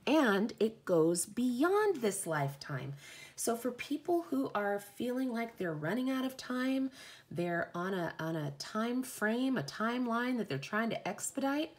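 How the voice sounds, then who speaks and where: A woman hosting a live oracle card reading, slow and effusive, greeting viewers by name and offering spiritual encouragement. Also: mid-range voice, sing-song. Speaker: oracle card reader, livestream host.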